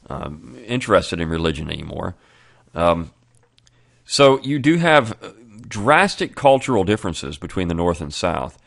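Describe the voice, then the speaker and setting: A man's voice: low-pitched, a bit bright. A man hosting a weekly review podcast, talking at length in a discursive, unscripted way with many fillers and restarts. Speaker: podcast host. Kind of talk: unscripted commentary.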